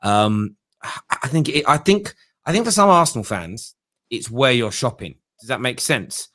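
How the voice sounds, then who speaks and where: Animated man hosting football chat. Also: medium pitch, moderate pace. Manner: animated, mocks others in a whiny put-on voice. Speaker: host of a football fan show. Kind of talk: casual football chat, taking callers.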